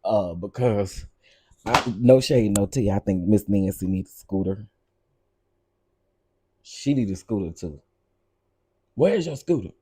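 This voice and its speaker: A man's voice: fairly low pitch, measured pace, pauses often, dark tone, slightly rough. A man hosting a casual commentary show, sassy and gossipy, laughing often and repeating lines for effect.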